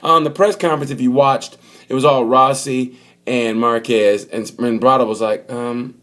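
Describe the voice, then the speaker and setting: A man's voice: medium pitch, moderate pace, fairly bright tone. A man giving a casual, joking race review, rambling and acting out little quotes as he goes. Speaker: motorsport vlogger.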